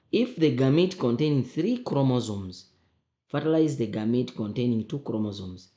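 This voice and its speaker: Male teacher, emphatic and repetitive, mid-pitched voice, echoey room. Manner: repetitive, emphatic, often checks understanding. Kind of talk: exam memo walkthrough lesson.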